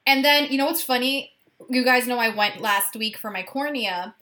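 A woman's voice: fairly high pitch, normal speed, sharp tone. Chatty woman podcast co-host. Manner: chatty storytelling with frequent "like" and swearing. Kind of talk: casual chat.

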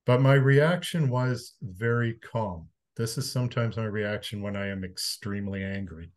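A man from Canada, an interview guest, telling a personal story in a frank, conversational way, swearing casually and moving between calm and emphatic. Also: medium pitch, measured pace.

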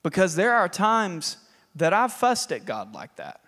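Male pastor, lively sermon delivery, high voice, hall reverb. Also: unhurried. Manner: animated, laughing, acts out scripture.

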